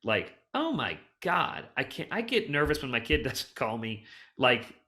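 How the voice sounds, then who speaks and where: A man's voice: medium pitch, measured pace. A middle-aged man, a hoarding cleanup expert, telling long rambling stories on a casual podcast. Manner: rambling, animated storyteller who restarts and jumps around. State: emotional, close to tears.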